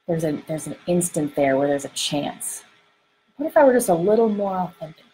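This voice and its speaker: Animated woman coaching on emotions. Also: on the low side, a little fast, slight background noise, poor audio. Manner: animated, acts out inner voices, frequent fillers. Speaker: dating coach. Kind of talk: podcast-style teaching monologue. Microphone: close microphone she bumps while gesturing.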